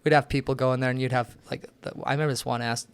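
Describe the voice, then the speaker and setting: A man's voice: mid-range voice, racing, clear, resonant tone. A young man, an interview guest, telling rambling, profane stories in casual chat. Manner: profane, rambling, animated storyteller.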